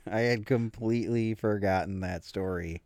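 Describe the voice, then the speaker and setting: Podcast co-host, male, low and unhurried, joking storyteller, close dry mic. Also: darkish tone, no echo. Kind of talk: casual chat.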